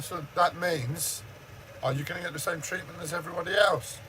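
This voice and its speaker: A man's voice: a little high, fairly quick, background noise. A man in a shaken, agitated livestream rant who swears heavily and sounds like he is in shock. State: shaken, says he speaks like he is in shock. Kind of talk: angry personal rant. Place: standing in front of a camera.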